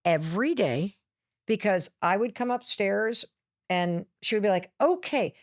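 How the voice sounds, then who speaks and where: Animated middle-aged woman telling a story. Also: mid-range voice, unhurried, no echo, clean studio sound. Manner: lively, acts out quotes, candid with swearing. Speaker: guest, motivational speaker and author.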